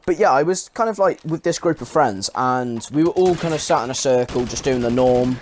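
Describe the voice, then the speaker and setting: A man's voice: medium pitch, expressive, a little fast, darkish tone, slight background noise. A young man telling a story casually to camera, rambling, swearing often and leaning on filler words. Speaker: vlogger.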